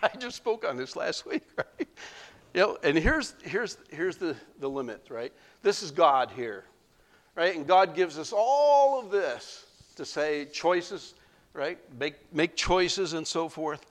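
A male pastor giving a sermon, conversational and emotional, often laughing and saying "you know". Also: a little high. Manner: conversational preaching with frequent laughs and fillers.

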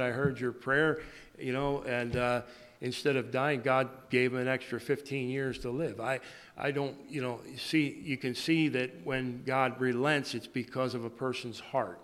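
A man giving a sermon in a halting way, often repeating and restarting his words. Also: medium pitch, fairly bright tone. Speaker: preacher. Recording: long hall reverb.

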